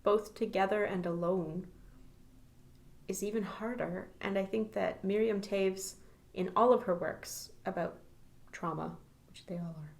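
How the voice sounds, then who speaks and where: Woman, podcast co-host, casual book chat, animated, laughs a lot. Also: medium pitch, unhurried, creaky.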